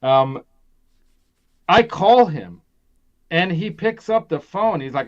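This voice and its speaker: A man's voice: a little high, expressive, slow, pauses often, dull audio. A man hosting a casual gear live stream, rambling through a story with frequent laughs and restarts.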